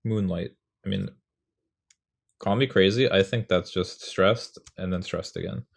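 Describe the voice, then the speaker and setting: A young man with a low, creaky voice talks at a measured pace as he hosts a poetry tutorial. He explains how to write a poem in a casual, rambling, self-mocking way, sounding out rhythms aloud.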